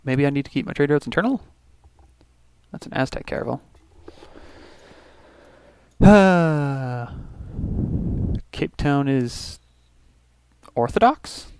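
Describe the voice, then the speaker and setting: A man's voice: medium pitch, very animated, moderate pace, pauses often, clean tone, dry recording. A man from Canada hosting a let's play, casually thinking aloud through his turns with restarts and little asides. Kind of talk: casual gameplay commentary.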